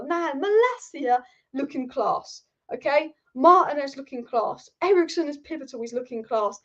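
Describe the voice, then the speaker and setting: Woman, high-pitched, animated football stream host, casual swearing, muffled lo-fi stream sound. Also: moderate pace. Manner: animated, reads out viewer comments, swears casually. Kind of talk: live-stream football chat.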